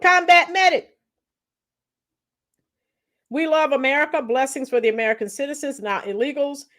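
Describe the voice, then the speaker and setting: A woman's voice: high-pitched, normal speed, fairly bright tone. A woman casually hosting a live stream, greeting viewers by nickname and reading out their comments. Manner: chatty, greets and reads out viewer comments, laughs often.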